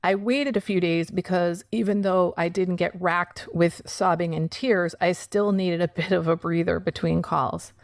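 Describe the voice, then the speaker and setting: A woman's voice: fairly low pitch, steady tone, unhurried, hardly any pauses, dry recording, studio quality. A woman hosting a podcast, telling a personal recovery story in a candid, frank way and swearing casually. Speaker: podcast host.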